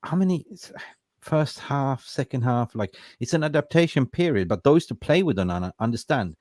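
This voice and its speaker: A man hosting a casual football talk show, excitable and blunt, swearing freely and tagging his points with "right?". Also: medium pitch, moderate pace, dry recording, studio quality. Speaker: podcast host.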